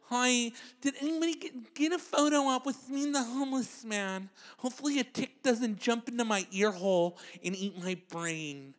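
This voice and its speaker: A man's voice: extremely high pitch, normal speed, hardly any pauses, pitched above the performer's own voice. A man doing a vain young woman with a lisp. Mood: vapid.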